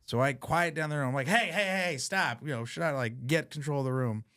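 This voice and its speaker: Clean studio sound with no room tone captures a man with a mid-range, somewhat bright, clear and resonant voice who talks fast. Hosting a podcast, he spins a story in relaxed conversation, cursing freely and laughing a lot.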